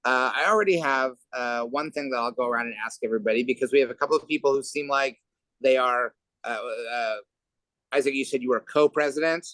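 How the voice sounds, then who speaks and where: A man's voice: mid-range voice, brisk, fairly bright tone, no echo, poor audio. A man moderating a panel over a video call, rambling with wry, self-deprecating asides.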